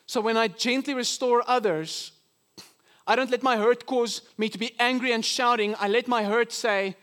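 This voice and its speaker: A man with a notably high voice preaches to his congregation. He teaches earnestly and often slows down to stress a point. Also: a bit bright. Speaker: pastor. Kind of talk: sermon. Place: church.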